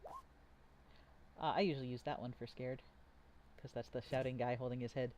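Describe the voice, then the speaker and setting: A woman's voice: extremely low pitch, fairly even intonation, fairly quick, mellow, a little hiss or hum. A woman running a tabletop game as game master, chatty and playful, often trailing off while she thinks.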